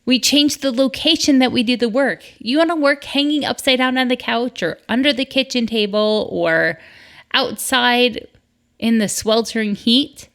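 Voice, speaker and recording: A woman's voice: fairly high pitch, normal speed, fairly bright tone. A middle-aged woman from the northern United States hosting a solo podcast, chatty and upbeat, with asides. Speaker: podcast host.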